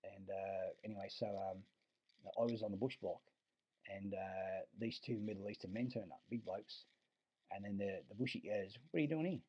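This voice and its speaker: A man's voice: lowish voice, fairly even intonation, normal speed, muffled recording. A man with an Australian accent telling a long, rambling story in a casual monologue, swearing freely and restarting his sentences often. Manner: rambling and profane, many restarts.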